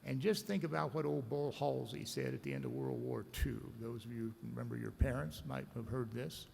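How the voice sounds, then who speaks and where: A man's voice: mid-range voice, steady tone, a little fast, creaky, darkish tone, slight background noise. A man, an agricultural lawyer, giving a blunt, combative, sardonic conference speech to a room of listeners. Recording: reverberant conference hall.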